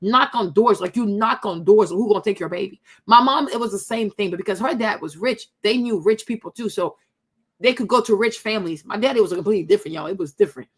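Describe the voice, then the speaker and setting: Her voice sits at a medium pitch with a slight roughness, and she talks quickly. A young woman from the Ivory Coast who hosts her own channel, she relates a story in a relaxed, chatty way, calling her audience y'all and asking "right?" over and over.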